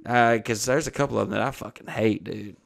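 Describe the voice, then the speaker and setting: A man's voice: mid-range voice, brisk, creaky. A young adult man hosting a podcast, telling rambling, profane anecdotes in casual chat and acting out the dialogue. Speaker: podcast host.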